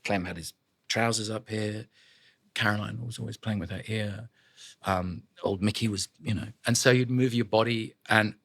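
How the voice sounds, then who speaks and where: A middle-aged man from London with an English accent, a guest actor in a studio interview, telling lively anecdotes and swearing freely. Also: on the low side, dry recording. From London, England. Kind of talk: casual interview chat.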